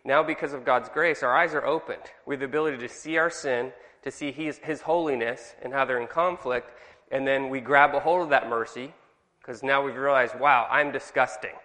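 A Californian man teaches a church study group in a bright, forceful voice. He keeps throwing questions to the room. Long reverb from the hall trails every phrase. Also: medium pitch, fairly even intonation, fairly quick. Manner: chatty, asks the group questions. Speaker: Bible study leader.

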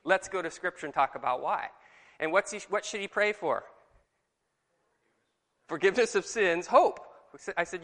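A man leading a conversational Bible lesson, asking his group questions in a lively, animated way. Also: fairly high pitch, brisk, big-room sound. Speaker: Bible study leader. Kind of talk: conversational sermon.

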